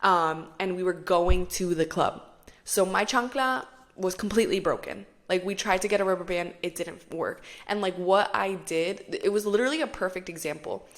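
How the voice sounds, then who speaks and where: A woman's voice: lowish voice, moderate pace. A young woman hosting a podcast, talking casually and chattily, with lots of "like" fillers and the odd swear. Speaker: podcast host.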